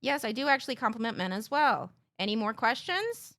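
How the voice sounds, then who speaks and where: High, animated sarcastic woman streamer. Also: brisk. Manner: sarcastic, swearing rant. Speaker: live streamer. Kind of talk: casual live-stream chat with viewers.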